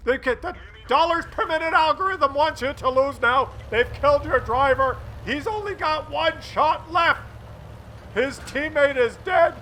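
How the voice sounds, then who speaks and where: A man commentating a tank game replay, animated and loud at big moments. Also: very high voice, a little slow, a little hiss or hum. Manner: animated, shouts and laughs at big shots. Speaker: gameplay commentator.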